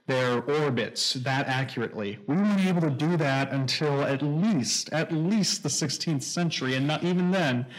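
A man's voice: a little high, moderate pace, few pauses, low-quality recording. A man co-hosting a casual movie podcast, wry and questioning. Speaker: podcast co-host. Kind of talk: casual movie commentary chat.

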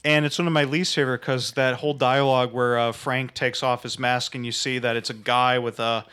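A man's voice: mid-range voice, flat delivery, a little fast, a bit bright, clear, resonant tone. A man in casual podcast chat, giving wry, critical remarks about a film. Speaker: podcast co-host.

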